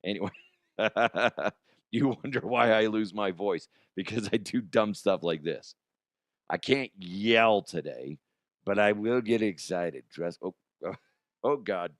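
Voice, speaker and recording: A man hosting a casual comedic news show, his voice hoarse and strained, joking crudely and laughing often. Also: on the low side, measured pace, no echo, studio quality. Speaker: podcast host.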